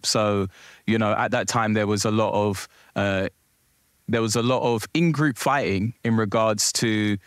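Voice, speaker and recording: A young man with a low voice tells his stories in a casual interview. He speaks easily and laughs often, with plenty of fillers. The sound is dry and close. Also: unhurried, clear, resonant tone, no room sound. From South East London. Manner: lively storyteller, laughs easily, frequent fillers. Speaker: guest, cultural commentator.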